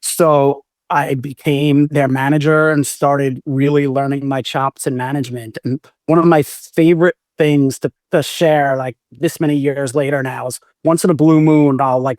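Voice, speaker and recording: A man's voice: a little high, a little mellow, dry recording, clean studio sound. A man in his forties, a music manager, telling long self-correcting stories in a casual interview. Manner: rambling, self-correcting anecdotes. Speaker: music manager, podcast guest.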